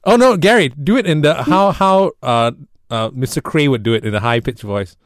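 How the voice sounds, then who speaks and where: A man's voice: on the high side, normal speed, no echo. A man co-hosting a chat show, playful and teasing, often calling people "man". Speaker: co-host. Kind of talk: casual radio chat.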